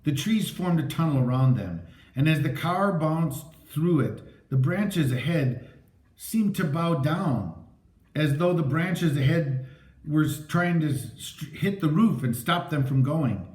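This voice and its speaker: A man narrating a story aloud with a dramatic, lively reading. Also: on the high side, a little slow. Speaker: audiobook narrator. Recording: echoey room.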